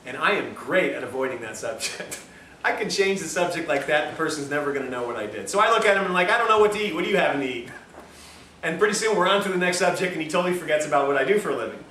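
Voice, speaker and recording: A man's voice: on the high side, lively intonation, rapid-fire, pushed and bright, slight background noise. A man giving a lecture at a health institute, telling a story in a chatty, joking way full of self-mocking asides. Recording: echoey room, distant mic, faint ambience.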